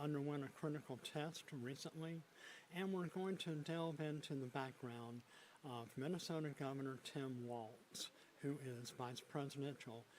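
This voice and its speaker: Halting male TV news anchor. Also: mid-range voice, a little hiss or hum, low-quality recording. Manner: halting, frequent fillers and restarts. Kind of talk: news broadcast with unscripted asides. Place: TV news studio desk.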